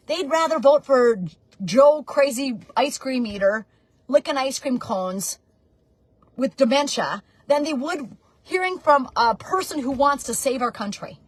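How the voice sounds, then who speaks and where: A woman's voice: a little high, breathy edge, no echo. A woman in her forties giving a fervent, preachy motivational talk about network marketing. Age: 40s. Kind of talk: motivational monologue.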